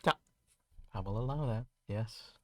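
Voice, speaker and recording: A man's voice: lowish voice, measured pace, mellow, no room sound, studio quality. A man running a tabletop game, describing scenes with frequent restarts. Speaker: game master.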